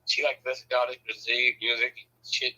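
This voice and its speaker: Husky, bright-voiced man telling stories. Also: quick pace, rough recording. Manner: animated, laughs often, acts out quoted lines with sudden high shouts; profane, loose everyday speech. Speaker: storyteller in a casual conversation. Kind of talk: casual chat.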